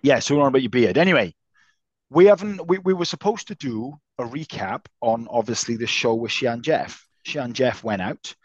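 A man's voice: medium pitch, expressive, moderate pace, no echo. A man co-hosting a podcast, talking casually and teasing his co-host, with the odd swear word. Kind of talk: casual chat. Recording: slightly dull lo-fi sound.

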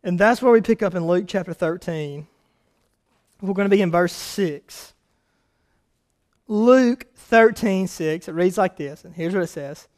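A pastor preaching a sermon, telling stories with lively animation and building to loud, emphatic points. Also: male voice, high voice, unhurried, pauses often.

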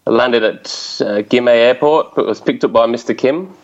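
Guest, male, Birmingham accent, animated storyteller, muffled remote-call sound. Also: mid-range voice, moderate pace. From England. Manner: animated storyteller who mimics voices. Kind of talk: casual chat.

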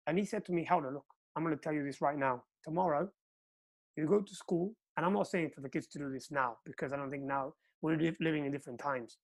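A man's voice: fairly high pitch, fast talker. A man from Portugal hosting a casual chat, telling a story and acting out the quotes with energy. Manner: animated storyteller, acts out quotes.

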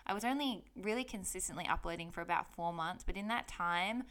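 A woman's voice: lowish voice, fairly quick, a bit bright, smooth. A young woman telling her personal story in a candid, heartfelt, chatty way on her vlog. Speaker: vlogger.

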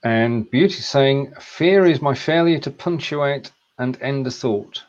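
A man hosting a casual live-stream chat, relaxed and chuckling as he reads out comments. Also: medium pitch, slow pace, muffled recording. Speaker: host.

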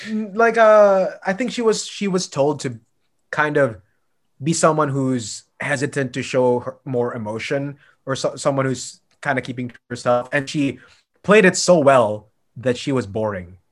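A man in casual chat as a podcast co-host, animated and laughing often. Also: medium pitch, moderate pace.

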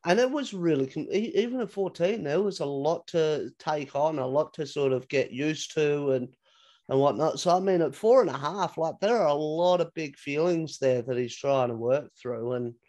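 A man's voice: fairly high pitch, normal speed. Man, podcast host, laid-back conversational manner. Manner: relaxed, conversational questioning. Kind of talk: casual podcast interview.

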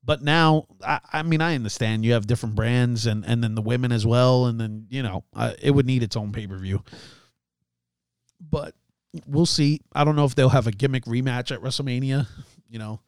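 A man's voice: mid-range voice, normal speed, clear, resonant tone. A man hosts a laid-back solo commentary in an ordinary mid-range voice. He rambles, stumbles over words and laughs at his own slips. The sound is dry and close, with no room echo. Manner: chatty, laughs at himself, many fillers and restarts. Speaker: podcast host.

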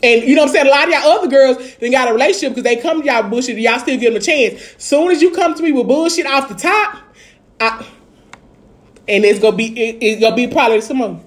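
A woman with a Dallas accent vents in casual chat, her voice sitting fairly high. She talks bluntly and profanely, full of filler phrases, and gets heated. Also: quick pace. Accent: Dallas, Texas.

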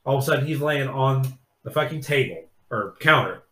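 A man hosting a podcast, retelling a scene in casual chat as an animated storyteller who swears freely. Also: mid-range voice, brisk. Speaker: podcast host. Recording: echoey room.

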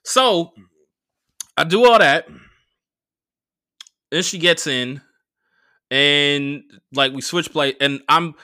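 A young man tells a story on his podcast, animated and profane, acting out both sides of a conversation. His voice is bright and forceful. The sound is dry and close, with no room around it. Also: fairly high pitch, a little slow, pauses often, clear, resonant tone, no echo. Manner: animated retelling with profanity and quoted dialogue. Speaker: podcast host. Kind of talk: casual storytelling monologue.

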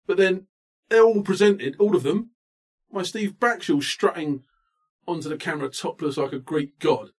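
A man in his late thirties with a slightly higher voice than most men, co-hosting a comedy chat. He rants in an animated, self-mocking way, often breaking into laughter. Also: normal speed. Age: 30s. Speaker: podcast co-host. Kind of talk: comic rant in casual chat.

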